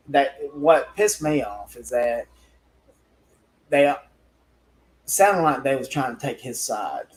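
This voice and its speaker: A man's voice: mid-range voice, rough recording. Blunt, profane man telling a story. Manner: rough, informal speech. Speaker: guest telling stories from law enforcement work. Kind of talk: casual podcast conversation.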